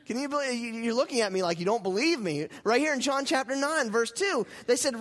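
A man preaching a sermon to his church, moving between loud emphatic passages and quiet, intense ones, and leading the congregation in call-and-response. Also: very high voice, expressive, fairly quick, few pauses. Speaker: pastor.

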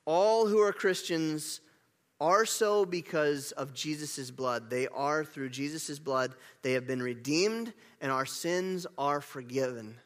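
Emphatic pastor preaching in a reverberant hall. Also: male voice, fairly high pitch, slow pace. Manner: animated, emphatic preaching with casual asides. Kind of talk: sermon. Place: church sanctuary.

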